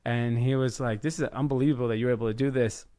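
A man in his thirties from the Los Angeles area, a podcast guest telling his business story in a casual, animated way, acting out the people he quotes. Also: medium pitch, fast talker. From United States, Los Angeles area. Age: 30s. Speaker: podcast guest, clothing brand founder.

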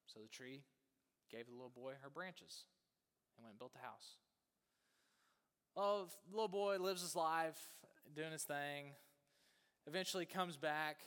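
Man preaching a sermon, animated storyteller, bright voice, long church reverb. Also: a little high, measured pace, pauses often, clean tone. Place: church sanctuary.

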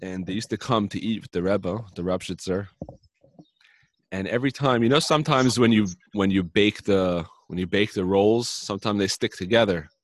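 A man with a somewhat low voice tells a story in an earnest, heartfelt way, sprinkling in Yiddish and Hebrew words. It is a relaxed, conversational chat. The recording is dry and close. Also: moderate pace, no echo.

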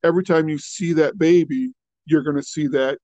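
A woman hosting an interview, asking firm, drawn-out questions. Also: deep voice, steady tone, warm tone, dry recording. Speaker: host.

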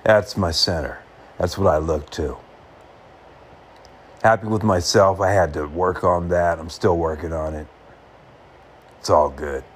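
Deep slow-talking man musing earnestly. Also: steady tone, a little hiss or hum. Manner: slow, earnest, in short halting phrases. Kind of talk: reflective monologue to camera.

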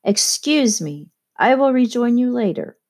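A woman's voice: on the high side, animated, unhurried, darkish tone, voice pushed up. A woman reader voicing an elegant young man who speaks with careful, formal courtesy in an audiobook. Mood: courteous.

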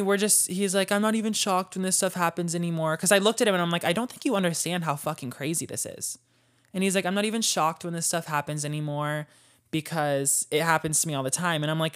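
Chatty young-sounding woman telling a story. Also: sits low. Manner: chatty, animated, swears freely, many fillers. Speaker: podcast host. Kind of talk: casual storytelling.

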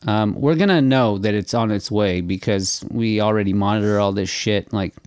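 A man's voice: on the low side, moderate pace, darkish tone, clean tone, no room sound, studio quality. A man co-hosting a podcast in casual chat, rambling, laughing often and swearing freely. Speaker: podcast co-host.

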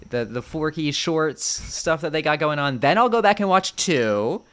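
A man co-hosting a casual film podcast, joking dryly and deadpan as he discusses movies. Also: on the high side, normal speed, clean tone. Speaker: podcast co-host.

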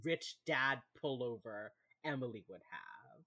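On a casual podcast, a female co-host recaps a TV episode, animatedly acting out the characters' lines. She speaks at a measured pace in a bass voice.

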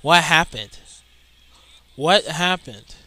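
Young guy watching his team lose, slow exasperated muttering, bright voice, kinda high. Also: expressive, dry recording. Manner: muttering, exasperated, swings to loud outbursts. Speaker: sports fan watching a game. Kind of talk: live reaction commentary.

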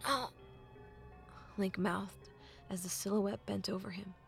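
Gravelly-voiced woman narrating a novel. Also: mid-range voice, flat delivery, soft background music. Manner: measured, often dropping to a hushed half-whisper. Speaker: audiobook narrator.

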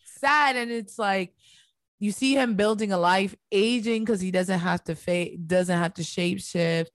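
A woman talking in relaxed, expressive casual chat, peppering her speech with fillers. Her voice is dry and close, with no room sound around it. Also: mid-range voice, measured pace, no echo.

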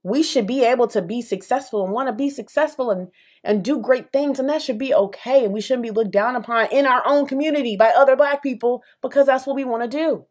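A woman's voice: on the high side, brisk, a little mellow. A young adult woman hosting a solo podcast, speaking passionately and emphatically in a conversational way, with many fillers and asides. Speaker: podcast host. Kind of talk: solo opinion podcast monologue.

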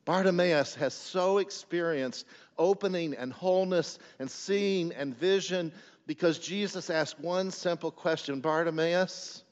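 A man preaching a sermon as pastor, swinging between loud emphatic calls and hushed, quiet lines. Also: high voice, measured pace. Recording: dull sound with long hall reverb.

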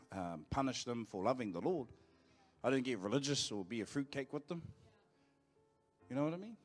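Forties Kiwi-accented man, pastor in church, relaxed storytelling sermon, mid-range pitch, faint music behind. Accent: New Zealand. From New Zealand. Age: 40s. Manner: conversational and anecdotal, with quick asides to the congregation. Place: church auditorium.

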